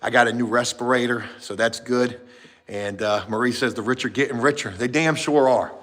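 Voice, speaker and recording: A man vlogging about his painting job, telling a story in a casual, profane, animated way, going from shouts down to mutters. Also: medium pitch, moderate pace. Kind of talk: casual storytelling to a live chat.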